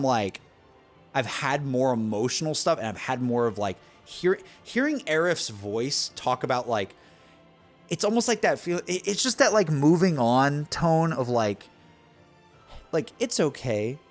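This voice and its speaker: Young adult male streamer, animated, lively pitch swings, faint music under. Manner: animated, excitable, restarts and "like" a lot. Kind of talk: casual stream chat to viewers.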